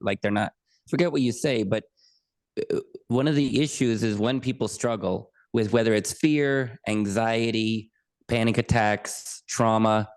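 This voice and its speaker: A man's voice: on the low side, measured pace, no echo. A man appearing as an anxiety coach on a podcast, speaking earnestly and reflectively with frequent restarts. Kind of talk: conversational interview.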